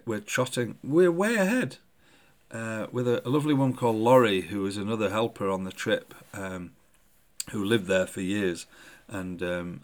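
Enthusiastic man telling a story. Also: on the low side. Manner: animated, enthusiastic storytelling with many fillers. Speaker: podcast host and poet. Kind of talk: reflective storytelling.

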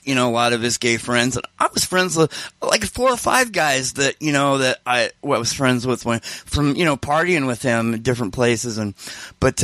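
Lively man telling animated stories. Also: on the high side, no echo. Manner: animated, acts out every voice in his anecdotes. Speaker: interview guest. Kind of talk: casual storytelling.

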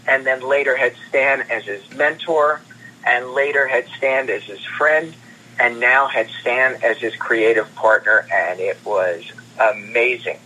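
A man, a guest comics producer, telling animated stories in an interview and repeating words as he goes. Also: medium pitch, breathy edge, low-quality recording. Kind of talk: anecdotal interview storytelling.

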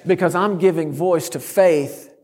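A middle-aged man preaching a sermon, telling a story and breaking into sudden loud shouts. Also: on the high side, a little slow, long reverb tail. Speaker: guest preacher.

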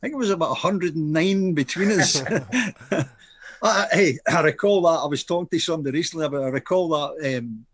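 Scottish ex-footballer, lively storyteller. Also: male voice, on the high side, fairly quick, no echo. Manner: animated, laughing storyteller acting out quotes. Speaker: former footballer guest. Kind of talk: casual storytelling chat.

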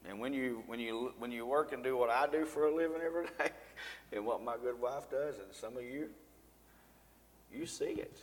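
A man's voice: medium pitch, moderate pace. A man teaching a Bible lesson, reading scripture with rising emphasis and talking folksy to the congregation. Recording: long reverb in a church hall.

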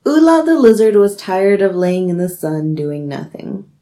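A woman's voice: medium pitch, big pitch swings, normal speed, warm tone. A young woman co-hosting a podcast, trading playful quips and reading a folk tale aloud. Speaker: podcast co-host.

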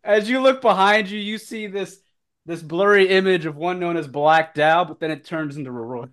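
A man running a tabletop game as game master, swearing and laughing often, with loud outbursts. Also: high-pitched, normal speed.

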